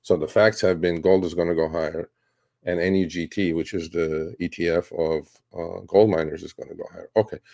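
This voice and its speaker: A middle-aged man talking casually about his trades, blunt and animated, cursing now and then. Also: low-pitched, a little fast, creaky. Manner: blunt, animated, swears and laughs. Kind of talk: casual talk answering a question.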